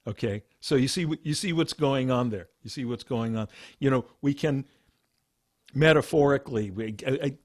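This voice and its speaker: A meditation teacher in casual talk, spinning Zen stories with lively asides and laughs. His voice sits mid-range for a man, recorded dry and close with no room sound. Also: medium pitch, normal speed, no echo. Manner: animated storytelling with laughs and asides.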